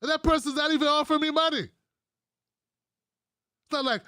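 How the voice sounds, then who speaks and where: A man's voice: extremely high pitch, a little fast, long pauses, pushed and bright, no room sound, clean studio sound. A man hosting political commentary, ranting casually with profanity and sarcasm, acting out mocking quotes.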